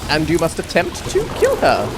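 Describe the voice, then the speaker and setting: A man's voice: fairly high pitch, wildly swooping pitch, fairly quick, loud music behind the voice. Wry man commenting on gameplay. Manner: wry, self-mocking, chuckling. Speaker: gaming YouTuber.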